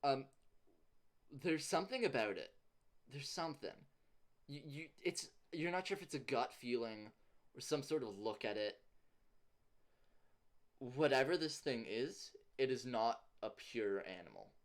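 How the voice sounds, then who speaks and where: A man runs a tabletop game as game master and narrates in an unhurried way. He keeps a relaxed tone and laughs often. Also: mid-range voice.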